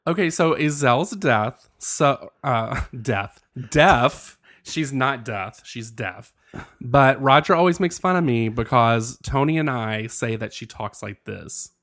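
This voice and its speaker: A man's voice: medium pitch, animated, a little slow, fairly bright tone. A man hosting a casual chat show, bubbly, giggly and rambling. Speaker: podcast host.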